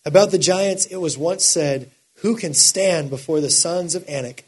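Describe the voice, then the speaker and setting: A man preaching a sermon, swinging from quiet, measured lines up to impassioned shouting. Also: fairly high pitch, husky. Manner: builds to impassioned shouting, then drops quiet.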